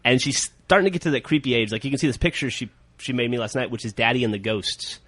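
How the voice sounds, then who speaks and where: A man's voice: medium pitch, lively intonation, fast, a bit bright, no room sound. A young man hosting a casual podcast chat, a rambling and profane storyteller. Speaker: podcast host.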